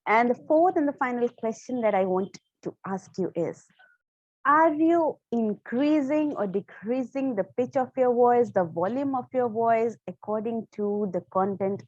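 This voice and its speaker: A woman teaching public speaking to camera. She stresses key words and uses deliberate pauses. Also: medium pitch, darkish tone, dry recording, dull audio. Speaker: speaking coach. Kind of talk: instructional talk to camera.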